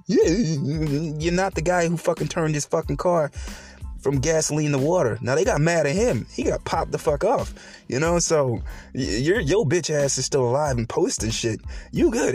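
A man's voice: fairly high pitch, a little mellow. Profane, blunt man ranting solo. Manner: profane, blunt, laughing often; mocking quoted voices. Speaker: podcast host. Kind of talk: solo podcast rant.

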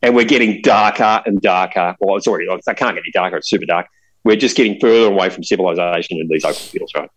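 A man hosts a podcast and spins a long tale, with plenty of "like" and "right?" as he goes. His voice sits on the low side, and he talks in a loose, animated way. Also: fast talker, poor audio. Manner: animated, rambling, full of fillers and asides. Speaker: podcast host. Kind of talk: casual storytelling.

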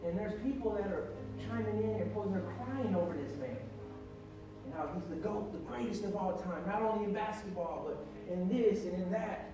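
A man preaching a sermon as pastor, animated and emphatic, with the congregation answering him. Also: high voice, moderate pace, music in the background. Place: large echoey church hall. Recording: echoey church hall, distant mic.

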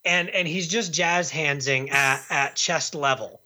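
Rambling man with a bright voice. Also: fairly high pitch, steady tone, unhurried. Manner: rambling, with many restarts and repeated words. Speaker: podcast co-host reviewing movies. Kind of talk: casual chat.

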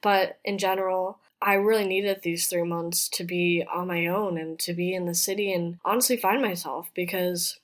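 A woman's voice: lowish voice, fairly even intonation, normal speed, few pauses. A woman in her twenties hosting her own podcast, talking in a chatty, heartfelt way, full of "like" and "you know.". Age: 20s. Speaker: podcast host. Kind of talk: casual personal podcast monologue. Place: apartment room in a city.

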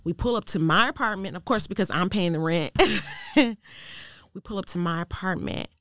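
A woman guest sharing a personal testimony in an interview, telling it in an earnest, measured way that goes quiet at the tense parts. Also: lowish voice, no room sound, studio quality. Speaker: podcast guest.

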